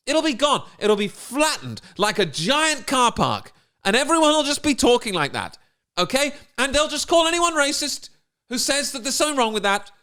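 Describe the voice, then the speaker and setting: Sarcastic ranting man, lively pitch. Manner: sarcastic, mocking, indignant. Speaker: comedian. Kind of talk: ranting commentary.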